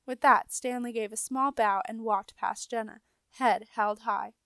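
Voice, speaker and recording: A woman narrating a children's book chapter in a calm, even reading voice. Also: fairly high pitch, a little slow, no echo. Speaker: audiobook reader. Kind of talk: storybook narration.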